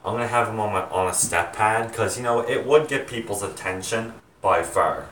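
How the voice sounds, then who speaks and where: A young man chatting to his viewers, rambling and halting with many ums and restarts. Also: on the low side, fairly bright tone, roomy sound, recorded from a distance, a little hiss or hum. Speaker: vlogger, home haunt maker. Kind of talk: rambling casual chat to viewers.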